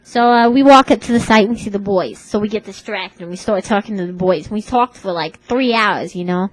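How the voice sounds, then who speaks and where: A woman's voice: mid-range voice, fairly quick, dry recording, low-quality recording. A woman telling a rambling comic story in casual chat, full of fillers. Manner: rambling, lots of "like" and "you know".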